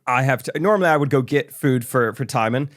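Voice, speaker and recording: A man's voice: medium pitch, brisk. A man co-hosting a casual podcast, laughing often and acting out the people in his stories. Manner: laughs often, animated with quoted voices. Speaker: podcast co-host. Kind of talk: casual chat.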